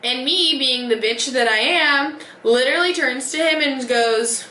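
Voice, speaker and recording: A young woman's high-pitched, sharp voice moves unhurriedly as she does her makeup and recounts a dating story time. This twenty-something beauty vlogger is sassy, profane, and leans heavily on "like," and the echoey recording carries a little hiss or hum.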